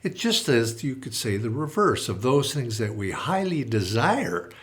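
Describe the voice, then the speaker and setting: A man giving a spiritual talk as a teacher, reflective and halting, with many restarts. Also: mid-range voice, sing-song, a bit bright. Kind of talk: spiritual talk with a storytelling part.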